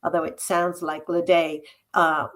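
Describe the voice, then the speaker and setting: A woman who coaches and speaks in public, answering interview questions in a thoughtful way with many "um" pauses. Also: lowish voice. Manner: thoughtful, uses many "um" fillers, tells stories about herself. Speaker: podcast guest, coach and speaker. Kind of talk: casual interview conversation.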